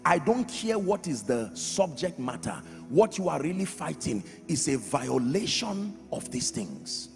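A man preaching a sermon as pastor, emphatic, swinging from loud shouts to quiet drops. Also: on the high side, big pitch swings, a little slow, gravelly, few pauses. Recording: reverberant hall with faint music.

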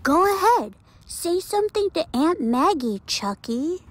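A narrator voicing an eager, excitable little boy in an audiobook reading. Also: very high voice, measured pace, pitched above the performer's own voice, exaggerated voice. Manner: excited, childlike.

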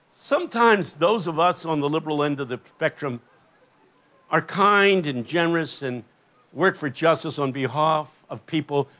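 Brief: older male preacher, high and bright, impassioned storyteller on a festival stage. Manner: impassioned storytelling, rising to emphatic peaks. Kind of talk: sermon.

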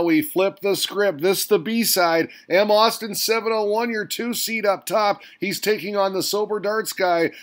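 Male host doing mock sports commentary, high-pitched and pumped, punchy hype calls. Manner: hyped announcer delivery with exclamations.

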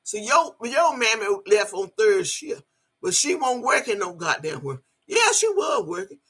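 A woman with a husky, breathy voice rants profanely on her live stream. She curses, taunts and breaks into loud outbursts, then reads her chat comments aloud in the same rough voice. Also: medium pitch, very animated, measured pace.

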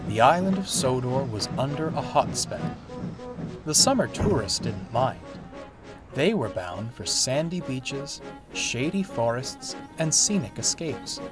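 Unhurried, expressive male storyteller. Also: medium pitch. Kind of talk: children's story narration. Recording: background music. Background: music.

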